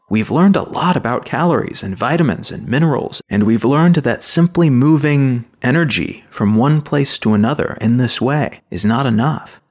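A man hosting a solo podcast, reading a scripted explanatory narration in a measured, lightly opinionated way. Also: mid-range voice. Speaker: podcast host.

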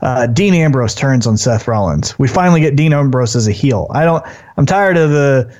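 A man co-hosting a casual wrestling podcast, talking in an animated way and briefly acting out wrestlers in put-on voices. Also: mid-range voice, normal speed. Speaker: podcast co-host. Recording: dull lo-fi sound.

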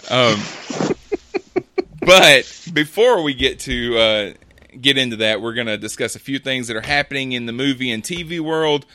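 A man hosting a podcast in casual chat, talkative and quick to laugh, correcting himself as he goes. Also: mid-range voice, sharp tone, no echo. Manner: chatty, laughs often, loose self-correcting delivery. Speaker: podcast host. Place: home setup on a remote call.

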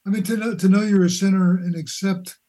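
An older man, a philosopher guest on a remote call, talking in halting, searching sentences with many restarts. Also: sits high, steady tone, warm tone, rough recording. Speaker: guest, philosopher and boxing coach. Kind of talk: conversational interview.

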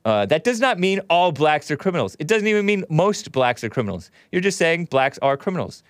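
A man's voice: on the high side, very animated, a little fast, no room sound, studio quality. Rambling male call-in show host. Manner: rambling, self-interrupting, laughs often. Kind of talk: casual call-in talk.

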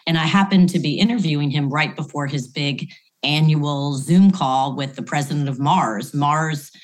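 A woman's voice: low voice, normal speed. A woman guest on a podcast, a business professor who tells stories animatedly and acts out dialogue. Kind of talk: conversational interview storytelling.

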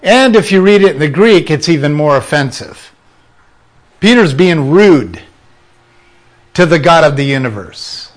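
A man delivering a sermon in a high voice, taking his time with each phrase. He presses his points with rhetorical questions and then drops into quieter asides. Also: expressive, a little slow, long pauses. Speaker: preacher.

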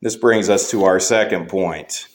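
A male pastor preaching a sermon, measured, rising to emphatic points and dropping low and slow to drive conclusions home.

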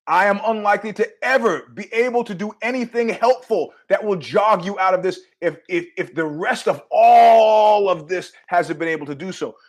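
High-voiced man telling a wild story. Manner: animated, acts out quoted voices, laughs at his own story. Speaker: podcast host. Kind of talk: casual storytelling monologue.

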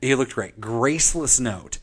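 A co-host with a mid-range, slightly breathy voice speaks at a measured pace while recapping a TV episode on a podcast. He's animated and swears casually, performing quotes in funny voices.

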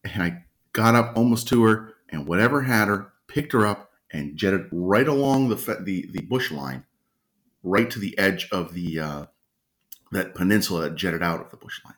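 A man casually telling a personal story at home, unhurried and often clearing his throat. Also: sits low, animated, a bit bright. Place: at home with a dog nearby.

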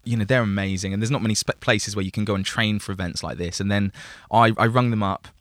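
A young man tells his stories in a loose, rambling way and laughs at himself often. His voice is bright and forward, recorded close and dry. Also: fairly low pitch, fairly even intonation, fast talker, no echo. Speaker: guest. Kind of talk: casual storytelling interview.

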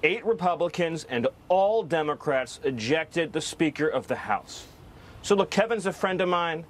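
A man speaking as a guest commentator on a cable news show, outraged and keeping one loud volume. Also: a little high, animated, moderate pace.

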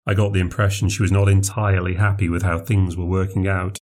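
A man with a British accent narrating a horror story in a measured, dry way. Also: low-pitched, little pitch movement, a little mellow.

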